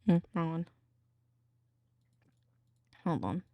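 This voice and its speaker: A woman's voice: fairly low pitch, very animated, extremely slow, no echo, lo-fi sound. A woman streamer in casual chat, cranky and rambling, swearing and muttering to herself.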